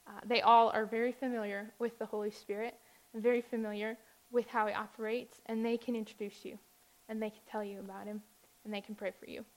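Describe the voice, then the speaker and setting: A woman speaking to a church congregation, telling a story with animated warmth and occasional laughter. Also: on the high side, brisk, low-quality recording. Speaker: missionary speaker. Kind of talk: church talk.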